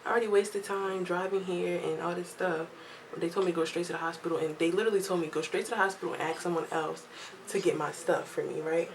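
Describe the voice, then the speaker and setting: A young woman telling a casual storytime vlog at home, lively and chatty, acting out what others said. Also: on the low side, fast talker, a little hiss or hum, poor audio. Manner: chatty, animated quoting of others, laughs often. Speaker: vlogger.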